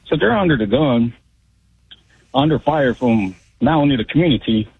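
A man's voice: medium pitch, animated, normal speed, slightly rough, dry recording. A man calling into a radio show, a former club DJ, telling rambling streetwise stories in casual chat over a phone line. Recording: tinny phone line, dry.

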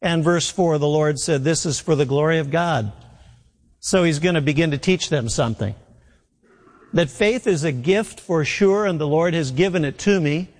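A man's voice: a little high, moderate pace, long reverb tail. A man preaching a sermon in an earnest, emphatic way, repeating his key phrases.

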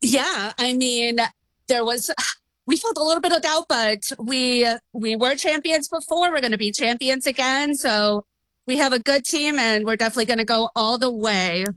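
A woman who runs a restaurant, talking in an interview about a match she watched, excited and gushing, quick to laugh. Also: fairly high pitch, dry recording. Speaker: restaurant owner and football fan. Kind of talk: phone interview.

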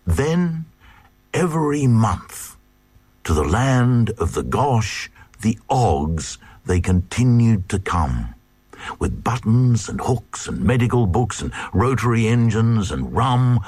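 A man's voice: on the low side, a little mellow, husky, no room sound. A man giving a dramatic reading of a comic verse tale in a rhythmic, sing-song delivery. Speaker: reader.

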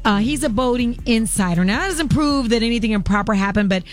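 A woman co-hosting a morning radio show, reading the news in a brisk, conversational way. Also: on the high side, faint music behind. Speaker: news co-host.

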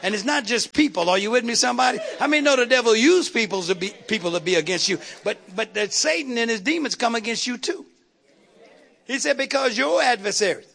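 A man's voice: very high voice, lively intonation, quick pace, vocal fry, fairly bright tone. A man preaching a fiery sermon, calling out to the congregation and repeating words for emphasis.

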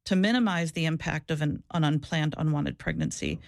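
A woman's voice: low-pitched, fairly quick, creaky, no room sound, clean studio sound. A woman who used to be a social worker, talking candidly in an interview, earnest and reflective, often restarting and repeating herself. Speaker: former social worker, guest.

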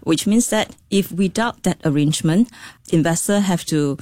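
Lady, lowish voice, explaining stuff w lots of ums and okays, dry studio sound. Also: normal speed, darkish tone, no room sound. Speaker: financial services director, guest. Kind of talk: radio interview answers.

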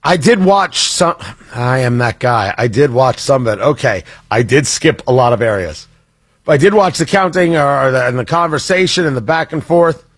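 Sarcastic husky-voiced talk radio host. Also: male voice, mid-range voice, expressive, moderate pace, no room sound. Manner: sarcastic, mocking, with frequent restarts. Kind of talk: opinionated political talk radio monologue.

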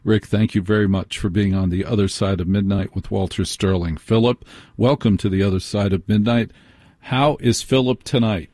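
A man hosting a late-night call-in radio show, speaking in a measured, reassuring way and addressing callers by name. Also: lowish voice, fairly even intonation, a little mellow, no room sound.

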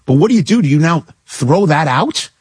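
Male sports-radio host, opinionated and incredulous, slightly high voice. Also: a little fast, breathy edge, dry recording, studio quality. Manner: animated, incredulous, riffing with co-hosts. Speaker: sports talk show host.

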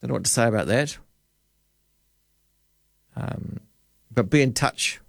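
A man's voice: medium pitch, a little slow, vocal fry, dry recording. A man hosting a talkback radio show, rambling and joking as he thinks aloud at a studio microphone. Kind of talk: casual radio chat.

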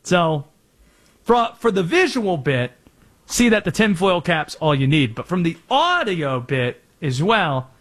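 A sports talk radio host from North Carolina talks in a chatty, self-aware way. His voice sits high and moves a lot in pitch. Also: very animated, measured pace, fairly bright tone.

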